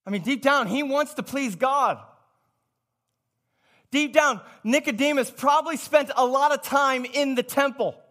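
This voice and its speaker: A man preaching a sermon in a lively, conversational way, swinging between loud passages and hushed ones. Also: extremely high pitch.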